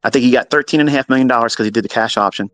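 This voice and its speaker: A man telling a story in a profane, animated, mocking way, as a trading mentor talking to his audience. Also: medium pitch, rapid-fire, no room sound. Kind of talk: casual storytelling monologue.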